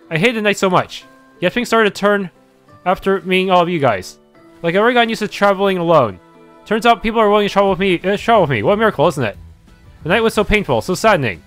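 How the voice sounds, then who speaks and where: A man reading as a sorrowful abandoned young man. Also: high voice. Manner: halting reading with many fillers. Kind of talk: reading game dialogue aloud.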